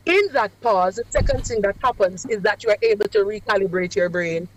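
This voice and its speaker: A woman's voice: medium pitch, slight background noise, low-quality recording. Emphatic woman giving advice. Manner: measured, emphatic, preacher-like cadence with deliberate pauses. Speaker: guest speaker on public speaking. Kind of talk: radio interview advice. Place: away from the studio.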